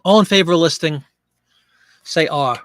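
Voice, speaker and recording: Man, live-stream host, chatty and joking, reads viewer comments, a bit high-pitched, dry sound. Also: moderate pace, fairly bright tone, no room sound. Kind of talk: casual live-stream chat, reading viewer comments aloud.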